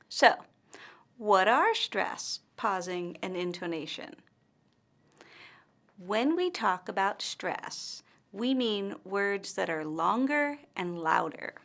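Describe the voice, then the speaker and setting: Woman pronunciation teacher, scripted lesson narration, slow and instructional. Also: medium pitch, a bit bright.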